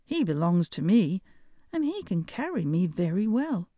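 A woman voicing a simple, cheerful peasant youth who shouts out merrily in a storybook reading. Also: fairly low pitch, very animated, normal speed, no echo, clean studio sound. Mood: boisterous.

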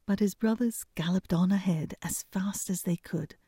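A woman reading a fairy tale aloud in an expressive storytelling manner. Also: medium pitch, husky, no echo, studio quality. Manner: expressive, unhurried.

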